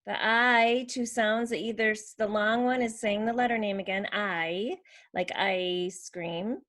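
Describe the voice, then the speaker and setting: A woman's voice: a little high, steady tone, normal speed, a bit bright. A woman explaining and demonstrating letter sounds for teaching children, modelling each sound. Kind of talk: instructional explanation.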